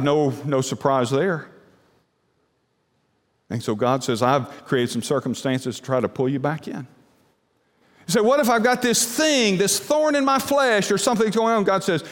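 Emphatic male preacher in a reverberant hall. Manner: emphatic preaching, rhetorical questions, sudden drops to a low voice. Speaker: pastor. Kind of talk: sermon.

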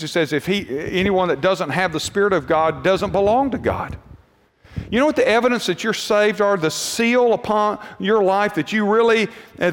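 A man's voice: high-pitched, a bit bright, long reverb tail. A man pastor preaching a sermon to his congregation, conversational, with rhetorical questions and repeated points.

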